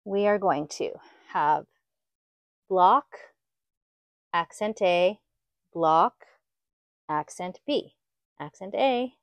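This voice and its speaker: A woman teaching a quilt tutorial, talking through each step in a relaxed, step-by-step way in her sewing room. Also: mid-range voice.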